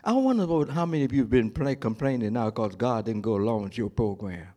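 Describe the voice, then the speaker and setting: A fast-talking male preacher of medium pitch delivers an animated sermon. Calling out questions for the congregation to answer, he acts out the story's characters, voicing the prophet and God dramatically.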